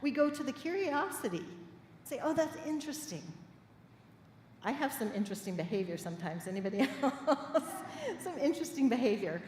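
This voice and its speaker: A middle-aged woman minister preaching a sermon, telling personal stories in a lively, playful way and laughing with the congregation. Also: a little high, a little fast. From Midwest United States. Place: church sanctuary. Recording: echoey hall with faint room noise.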